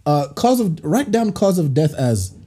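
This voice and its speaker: A man hosting a podcast reads listener stories aloud and breaks into laughter and playful voices as he riffs on them. His voice is dark and husky, and his pitch swings widely. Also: very animated, unhurried. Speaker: podcast host. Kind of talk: reading and reacting to listener stories.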